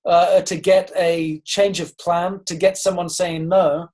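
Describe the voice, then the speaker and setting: A man's voice: high voice, level tone, measured pace, a little mellow, low-quality recording. Guy coaching his team on a call, earnest and upbeat, keeps asking questions, lots of ums. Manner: earnest and encouraging, with frequent ums and restarts; asks listeners direct questions. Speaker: leadership coach. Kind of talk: motivational talk on a group call.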